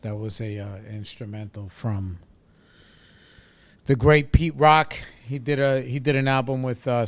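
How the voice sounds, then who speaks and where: On his casual solo podcast, a man rambles along in a laid-back style, dropping lots of fillers and swearing. He has a medium-pitched voice, captured by a studio microphone with no room sound.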